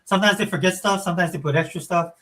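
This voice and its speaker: Fast-talking, husky middle-aged man chatting. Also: high-pitched, rough recording. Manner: rambling, animated storyteller with many fillers. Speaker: podcast co-host. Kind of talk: casual chat.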